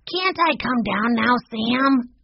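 Woman doing an excitable young boy. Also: fairly high pitch, gravelly, slightly rough, dry recording, muffled recording, pitched above the performer's own voice, heavily acted. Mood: excited. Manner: excited, breathless, quick exclamations. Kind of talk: audiobook character voice.

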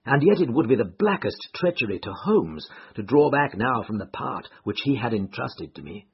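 A male audiobook narrator reading in a measured, expressive way, with a husky, gravelly tone and a lively, varied pitch. The recording is dull and muffled. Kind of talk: scripted first-person narration of a classic novel.

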